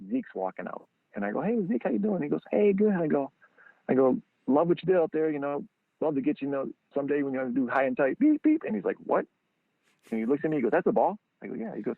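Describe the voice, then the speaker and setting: A man telling a story as a guest on a podcast. He acts out the people he quotes with sudden high jumps in his voice. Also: gravelly, no room sound. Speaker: guest, training football founder. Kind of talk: animated storytelling. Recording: dry, tinny phone-line sound.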